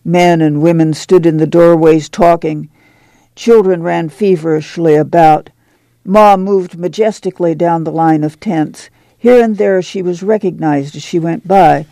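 A man narrating an audiobook in a measured, even storytelling manner. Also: a little high, creaky, no room sound.

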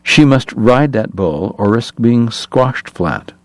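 A man's voice: mid-range voice, animated, slow, no room sound. A man doing a teasing stage comedian. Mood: sly. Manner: teasing, theatrical. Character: jovial Irish stage comedian, teasing and showy.

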